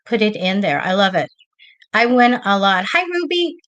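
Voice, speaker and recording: A middle-aged woman hosting a live psychic show, chatting casually and telling excited stories with lots of acted-out quotes. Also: mid-range voice, moderate pace. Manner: chatty storyteller, lively and excitable, acts out quoted voices. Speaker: psychic reader and show host. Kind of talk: casual live-stream chat.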